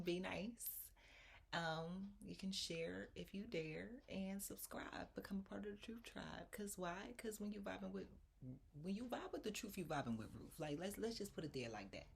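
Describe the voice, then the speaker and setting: A woman's voice: mid-range voice, creaky, husky. A young adult woman, telling a story in a casual vlog and acting out the quotes with lots of laughter. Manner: animated, laughs often, acts out quotes. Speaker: vlogger.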